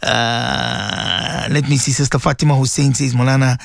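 A man preaching on the radio, impassioned and repetitive, swinging from low murmurs to high cries. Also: fairly even intonation, moderate pace, gravelly, no room sound, studio quality. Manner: repetitive, emphatic. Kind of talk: radio sermon.

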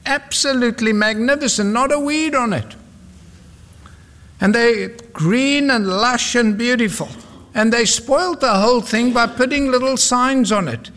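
South African man, very high voice, sermon, emphatic, repetitive, big reverberant hall. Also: a little slow, fairly bright tone. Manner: emphatic and repetitive, with humorous asides. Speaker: preacher.

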